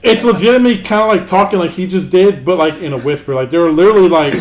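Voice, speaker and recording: A high-voiced young man tells a profane gaming story, quoting other players with lively energy. He is recorded in an echoey room. His chat is casual and unpolished. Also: fast. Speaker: podcast co-host.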